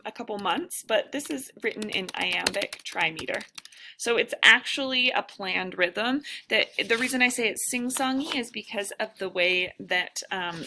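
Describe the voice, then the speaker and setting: A woman's voice: mid-range voice, pushed and bright, a little hiss or hum. A woman instructor giving a casual recorded lecture, thinking aloud with lots of fillers and self-deprecating asides. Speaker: writing instructor.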